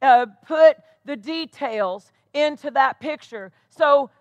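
A woman's voice: sits high, slow, dry recording, highs cut off. A woman pastor preaching a sermon, emphatic and calling out rhetorical questions to her congregation.

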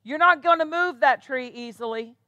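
High, bright-voiced woman pastor preaching. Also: normal speed, no echo, lo-fi sound. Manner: emphatic preaching with rhetorical questions to the congregation. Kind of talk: sermon.

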